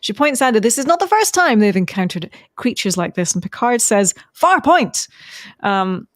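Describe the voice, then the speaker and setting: A woman's voice: medium pitch, very animated, a little fast, dry recording, clean studio sound. Chatty woman podcast co-host. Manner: chatty, rambling with many ums. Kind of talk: casual recap chat.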